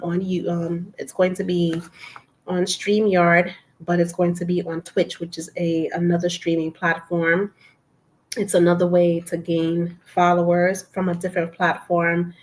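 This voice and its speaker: A woman with a slightly low voice and a lilt hosts a casual live stream on a computer mic. She reads affirmations aloud in a slow, soft cadence and breaks off to encourage her viewers by name. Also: rough recording. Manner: reads affirmations slowly and softly, warm encouraging asides. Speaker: livestream host reading affirmations.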